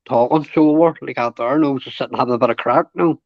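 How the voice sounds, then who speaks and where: A man's voice: mid-range voice, fast, dry recording, muffled recording. A man from Belfast with a Northern Irish accent and a slight lisp, a guest in a casual livestream chat.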